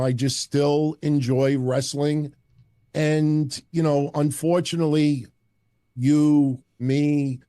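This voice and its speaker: A middle-aged man with a slightly high voice, a wrestling podcast host appearing as a guest, tells blunt, profane stories with lots of animation in a casual interview. The recording is dry and studio quality.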